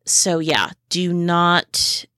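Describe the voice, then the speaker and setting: A woman hosting a podcast in a casual, informative way, unhurried and pausing often with fillers, sharing what she has learned firsthand on her homestead. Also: lowish voice, animated, pushed and bright, clear, resonant tone, dry recording, studio quality. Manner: unhurried, with many pauses and fillers; speaks from personal homestead experience. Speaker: podcast host.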